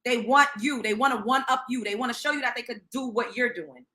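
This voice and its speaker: A woman's voice: a little high, a little fast, bright, forceful tone. A young woman from Brooklyn, hosting a show and telling a story in a blunt, profane, sassy way. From Brooklyn, New York. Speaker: host. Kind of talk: storytelling commentary.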